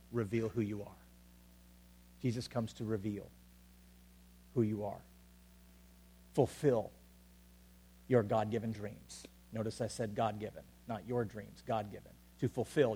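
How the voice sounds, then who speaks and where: A man preaching a sermon as pastor to a congregation, swinging between loud urgent calls and quiet, intimate asides. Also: lowish voice, fairly even intonation, moderate pace, pauses often, a little hiss or hum. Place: church hall with an audience.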